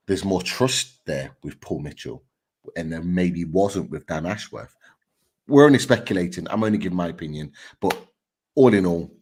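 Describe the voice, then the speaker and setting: A man's voice: low-pitched, a little mellow, slightly rough. A man hosting a casual football podcast, chatty and enthusiastic with lots of fillers. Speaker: podcast host.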